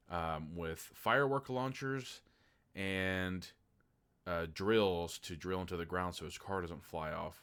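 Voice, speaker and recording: A young man from Oklahoma with a slightly low voice talks through a movie review in a loose, rambling way. He swears freely and acts out little quoted asides as he goes. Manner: rambling, profane, animated storytelling with quoted asides. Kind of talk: casual movie review monologue.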